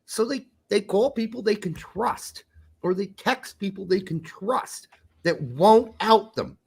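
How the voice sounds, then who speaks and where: A man's voice: high-pitched, a little slow, gravelly, a little mellow, husky. A man co-hosting a soccer podcast in casual chat, blunt and profane. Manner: blunt, profane, jumps into mock voices. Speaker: podcast co-host.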